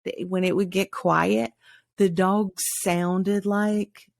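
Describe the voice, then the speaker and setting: Woman, podcast co-host, casual chat, lively storytelling, swears freely, mid-pitched, dry close sound. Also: slow pace, vocal fry, dry recording. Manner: animated storytelling, frequent swearing and laughter.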